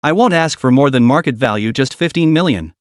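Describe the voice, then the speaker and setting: Guy reading a chill confident rich young dude, lively up and down, dry close sound. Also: mid-range voice, a little fast, dry recording, close to an everyday voice. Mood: assured. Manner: composed, assured.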